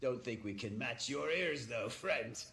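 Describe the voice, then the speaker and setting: An actor playing a gruff, haggling male pirate boss with a rough, dialect-heavy manner of speech. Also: medium pitch, expressive, unhurried, a bit bright, echoey room, a little hiss or hum. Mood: gruff bargaining. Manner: scoffing, bargaining.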